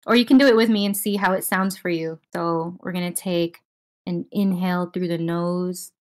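A woman with a slightly low voice talks a group through a breathing exercise. She speaks casually and calmly, filling her sentences with "like". She is heard over a video call mic with noise cancelling. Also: moderate pace. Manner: casual, calm guiding talk with many filler likes. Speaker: breathwork and voice teacher.

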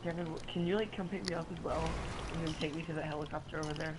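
A man playing a game with a friend, chatty and excitable, yelping loudly during the action. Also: a little high, fast, heavy background noise. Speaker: co-player. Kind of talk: casual gameplay chat.

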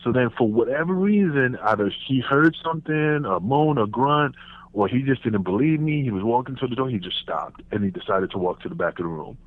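A man, a podcast guest telling a profane, animated story and acting out the voices in it. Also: mid-range voice, fairly quick, no room sound. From New York. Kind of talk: casual storytelling. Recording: slightly muffled podcast audio.

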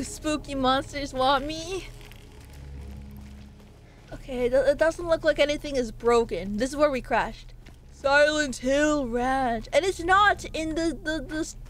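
A woman's voice: fairly high pitch, slight background noise. A woman streaming a game live, chatting and rambling jokily to her chat as she plays. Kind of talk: live gameplay commentary.

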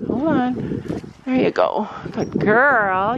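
Chatty woman vlogger with a lively voice. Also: high voice, a little slow, muffled recording, very noisy. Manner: chatty, talks to viewers, coos praise at horses. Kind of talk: casual vlog chat. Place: outdoors at a horse barn.

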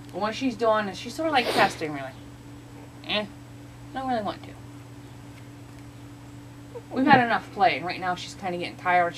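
A woman's voice: slight background noise, poor audio. A woman talking casually to a camera while training her service dog outdoors, explaining commands with examples. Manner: chatty, explaining with examples, acts out the dog's greetings in a high voice. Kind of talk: casual vlog narration. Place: outdoors near a bait shop.

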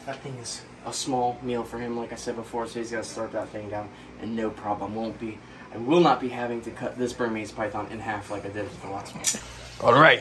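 A man of medium pitch, recorded with a slight hiss or hum, addresses the camera in an easygoing vlog. As a tattoo artist and reptile keeper, he energetically covers feeding his reptiles and tattooing, chatting with the animals too.

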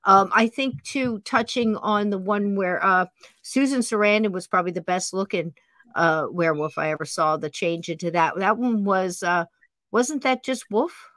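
A woman podcast host in casual chat, talking fast and gushing with enthusiasm. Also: medium pitch, fairly bright tone, dry recording.

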